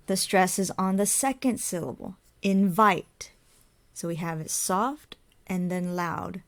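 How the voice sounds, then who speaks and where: A woman teaching an English lesson in a slow, patient way, saying example words and repeating them. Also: medium pitch. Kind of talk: ESL lesson.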